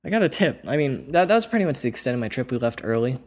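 Young guy podcast host rambling thru a story, lots of like and you know, regular pitch. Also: big pitch swings, rapid-fire, darkish tone. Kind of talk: casual storytelling chat.

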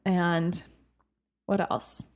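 A woman's voice: fairly low pitch, drawn-out words, darkish tone. A woman co-hosting a casual chat, giggly and talkative, with lots of filler words. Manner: chatty, filler-heavy, giggly.

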